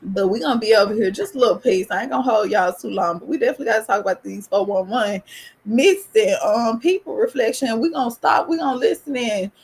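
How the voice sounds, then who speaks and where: A woman from the US South with a Southern accent, hosting a podcast and telling a personal story in a casual, animated, profane way. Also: fast, breathy edge. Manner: animated, profane, rising pitch in excitement. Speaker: podcast host.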